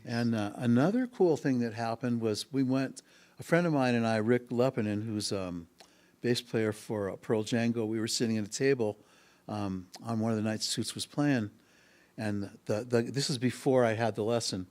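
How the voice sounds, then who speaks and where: A man's voice: mid-range voice, moderate pace, darkish tone. Rambling, hesitant male storyteller. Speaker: musician guest, harmonica and bass player. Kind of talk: casual storytelling in an interview. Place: music school studio.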